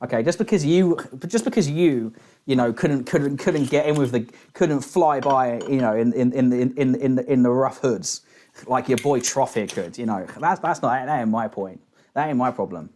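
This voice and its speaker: A man's voice: mid-range voice, moderate pace, darkish tone, a little hiss or hum. A man moderating an online debate, laughing and exasperated, stammering and swearing as he talks.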